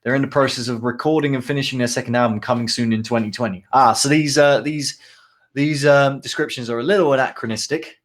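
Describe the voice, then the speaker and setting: A man's voice: mid-range voice, steady tone, fast. Chatty man reading band blurbs. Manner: reads out band blurbs with many ums and asides. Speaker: podcast co-host. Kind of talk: casual podcast chat.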